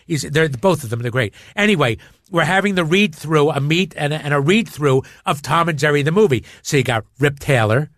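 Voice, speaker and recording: A middle-aged man telling stories in a rambling, excitable way as a podcast guest. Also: a little high, brisk, no echo, clean studio sound. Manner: rambling, excitable, shouts out quoted lines. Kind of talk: casual chat, storytelling.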